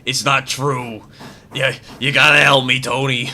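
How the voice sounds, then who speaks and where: A man voicing a stereotypical New York mobster who pleads loudly and desperately. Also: medium pitch, flat delivery, slight background noise. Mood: pleading. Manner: pleading, loud and hurried.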